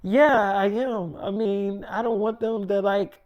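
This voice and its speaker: A man voicing his young pregnant wife as he retells an argument, speaking quietly and hesitantly. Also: medium pitch, steady tone, slow pace, natural voice. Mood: quiet defensive. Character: soft-spoken young pregnant wife, defensive.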